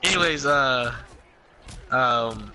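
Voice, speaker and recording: A man's voice: medium pitch, extremely slow, pushed and bright, clear, resonant tone. A young man telling a story on a podcast in casual, profane chat, acting out quotes. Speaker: podcast co-host. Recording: noisy home podcast recording.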